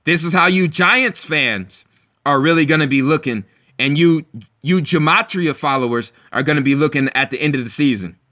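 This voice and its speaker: Bright, forceful man ranting scornfully. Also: fairly high pitch, normal speed. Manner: scornful and emphatic, repeats phrases, mocks listeners; swears freely. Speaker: channel host. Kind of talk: ranting video monologue.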